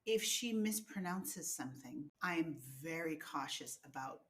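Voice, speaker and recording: A woman speaking in a thoughtful, measured way in a casual interview. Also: deep voice, lively intonation. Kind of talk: casual conversation.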